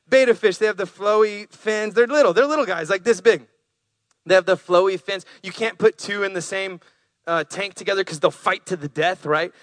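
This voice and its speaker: A man with a high, bright voice preaches through lively stories. He acts out animals with playful voices for his listeners. The sound is dry and close. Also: dry recording. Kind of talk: storytelling sermon.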